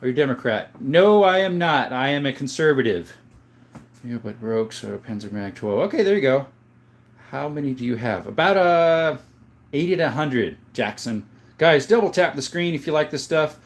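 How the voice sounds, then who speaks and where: A man in his thirties from the US, chatting casually on a livestream, reading viewer comments and answering in a folksy, relaxed way. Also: mid-range voice, moderate pace. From USA. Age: 30s. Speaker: gun collector livestreaming.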